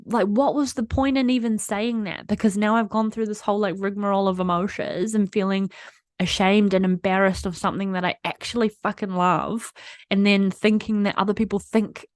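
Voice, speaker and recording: A woman's voice: medium pitch, fairly even intonation, fairly quick, no echo, studio quality. A woman hosting her own podcast, talking candidly and openly about her feelings in a rambling way, full of "like". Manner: rambling, heavy use of "like", open and emotional. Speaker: podcast host. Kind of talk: candid solo podcast monologue.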